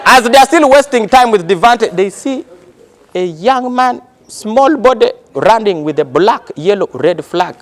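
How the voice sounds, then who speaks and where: A man's voice: sits high, measured pace. A Ugandan-accented man performing live stand-up, telling stories animatedly and acting out characters. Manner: animated storytelling, acting out voices. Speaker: stand-up comedian. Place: theatre stage, live. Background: audience laughter.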